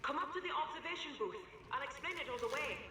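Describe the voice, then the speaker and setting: A woman voicing a calm, informative female scientist giving a game's hero briefings. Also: high-pitched, fast, recorded from a distance, natural voice. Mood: matter-of-fact. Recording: roomy echo with loud noise.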